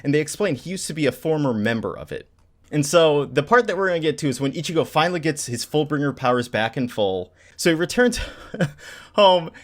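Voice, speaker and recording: Animated male podcast host recapping manga. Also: fairly high pitch. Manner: animated, acts out characters' lines in quick bursts. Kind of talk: casual chat recapping a manga.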